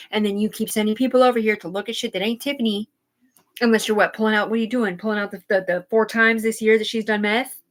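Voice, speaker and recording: A woman's voice: a little high, low-quality recording. Angry, profane woman ranting live. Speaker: livestream host. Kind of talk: live-stream rant.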